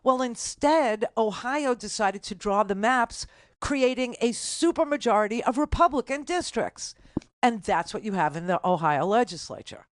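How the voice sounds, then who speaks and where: A woman's voice: a little high, dry recording, clean studio sound. An older woman hosting a political talk radio show, delivering an indignant, sarcastic monologue. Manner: indignant, sarcastic, rapid asides.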